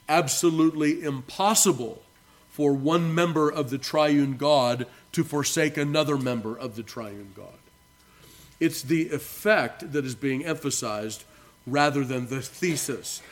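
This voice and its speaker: With a fairly high-pitched voice, this male pastor preaches an earnest, expository sermon. Key phrases come back again and again for emphasis, and he stops and restarts between them.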